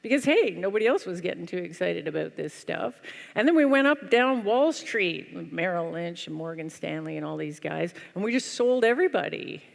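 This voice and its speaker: A woman giving a humorous keynote talk on stage, telling a story in a lively, wry, self-deprecating way. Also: on the low side, normal speed, vocal fry. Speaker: conference speaker. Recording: long hall reverb.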